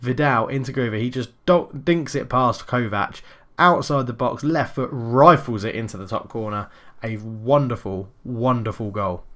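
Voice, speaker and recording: Male gamer, mid-pitched, excitable play-by-play commentary with sudden shouts. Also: normal speed. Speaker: gaming YouTuber.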